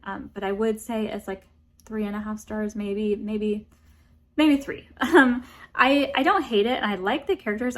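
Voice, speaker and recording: A woman reviewing books and films in a casual, rambling chat, with lots of fillers, blunt opinions and frequent laughs. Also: mid-range voice. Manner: blunt, laughs between points. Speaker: book and film reviewer.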